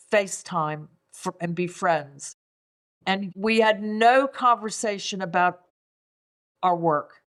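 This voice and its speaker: A medium-pitched, somewhat bright voice belongs to an older Englishwoman who practices five element acupuncture. As a podcast guest in a conversational interview, she reflects as she goes and repeats words while looking for them.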